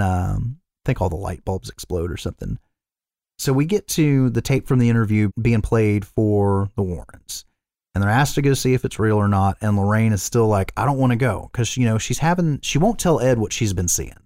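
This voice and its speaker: A man with a lowish voice talks through a film scene by scene in a loose, rambling way, dropping swear words and fillers. The sound is dry and close. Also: a little mellow, dry recording. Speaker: podcast co-host. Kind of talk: casual chat recapping a film.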